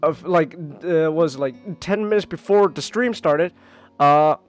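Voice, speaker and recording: A man streaming live and chatting casually, animated and swearing often, breaking into high whoops. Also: measured pace, faint music behind.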